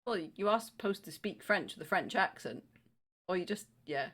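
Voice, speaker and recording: A woman co-hosting a casual live-stream quiz, relaxed and quick to laugh as she reads questions. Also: medium pitch. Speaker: quiz co-host.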